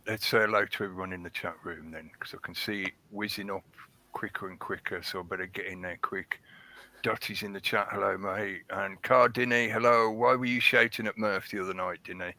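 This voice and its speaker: Man, lowish voice, bright and forceful, rambling casual livestream chatter. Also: steady tone, fairly quick. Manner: chatty and rambling, reading out chat names. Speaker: livestream host. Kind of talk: casual live-stream chat.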